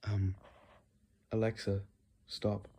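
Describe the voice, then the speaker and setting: A tired young man rambling softly and unscripted into his phone in his bedroom late at night, with a soothing, unhurried voice. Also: lowish voice, little pitch movement, noisy background. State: tired, sleepy. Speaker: vlogger.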